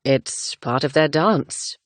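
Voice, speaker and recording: A woman voicing a calm young gentleman in a romance audiobook, slow and soft-spoken. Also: sits low, dry recording. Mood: explaining.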